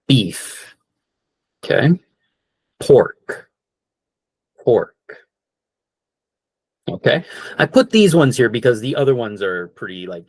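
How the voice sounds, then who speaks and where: A man teaching an online English class, slowly repeating each word and checking in with "okay?". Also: on the low side, no echo. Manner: slow, repeats words for practice, frequent "okay?".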